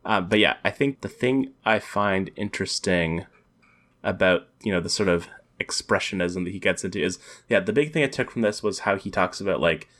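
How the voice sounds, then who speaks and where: Low voiced podcast guy, casual, lots of um and like, halting. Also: fairly bright tone. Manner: halting, many fillers and restarts. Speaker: podcast co-host. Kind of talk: casual chat about comics.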